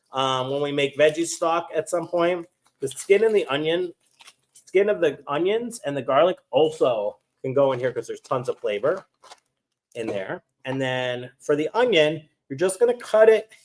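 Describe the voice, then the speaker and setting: An upbeat man hosting a live cooking class, chatting and reading viewer comments as he cooks, eyes teary from cutting onions. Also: a little high. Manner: animated, upbeat. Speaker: cooking host.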